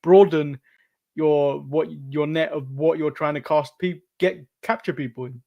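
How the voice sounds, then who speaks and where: English guy with a high-ish voice, keeps laughing and rambling on a podcast. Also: fairly even intonation, measured pace, creaky, warm tone, lo-fi sound. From England. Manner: laughs often, rambling restarts. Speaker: wrestling podcast co-host. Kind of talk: casual chat.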